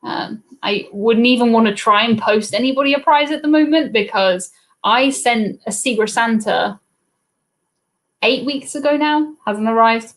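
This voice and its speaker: A woman's voice: on the high side, unhurried, a bit bright. A British woman hosting a live cruise trivia stream in a chatty, casual way, reading out viewers' comments and answering them into a laptop webcam mic.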